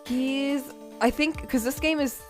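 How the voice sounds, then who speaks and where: A woman's voice: high voice, fairly even intonation, a little slow, soft background music. A woman streamer in casual game chat, chatty, speculative and giggly. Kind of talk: casual let's-play chat.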